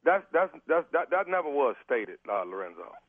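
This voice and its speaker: A man's voice: fairly high pitch, sing-song, moderate pace, no echo. Stammering man on a tinny phone line. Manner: stammering, insistent, officious. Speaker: radio prank caller. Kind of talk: prank phone call.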